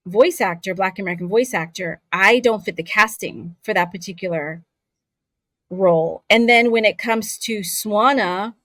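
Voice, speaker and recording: A woman's voice: medium pitch, moderate pace, no echo. A woman voice actor who grew up in Saudi Arabia talks openly and animatedly. Her voice sits in an ordinary middle range. The sound is close and dry, with no room around it. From raised in Saudi Arabia. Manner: candid, animated storyteller. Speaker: voice actor guest. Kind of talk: casual interview conversation.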